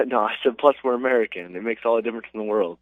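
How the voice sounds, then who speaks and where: A man's voice: fairly low pitch, steady tone, quick pace, dry recording. A man, an MMA fighter, telling stories casually over the phone with lots of fillers. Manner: casual, rambling with many fillers. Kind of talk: phone interview storytelling. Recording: distant tinny phone line.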